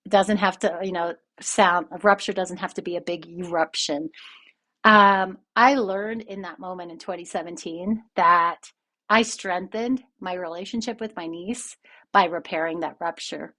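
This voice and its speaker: A woman's voice: lowish voice, unhurried, pushed and bright. A woman who hosts a podcast and works as a relationship coach, telling a personal story in a candid, reflective and self-critical way.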